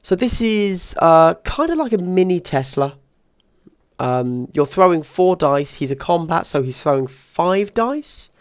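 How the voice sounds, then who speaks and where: A man casually reviewing tabletop wargame rules, thinking out loud and weighing options with quick asides. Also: high voice, big pitch swings, no echo, studio quality.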